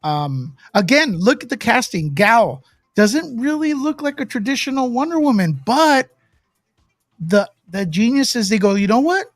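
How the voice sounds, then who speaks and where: A man in his fifties hosting a casual livestream chat, animated and opinionated, often acting out quotes. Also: extremely high pitch, unhurried, dry recording, clean studio sound, faint music behind. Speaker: host.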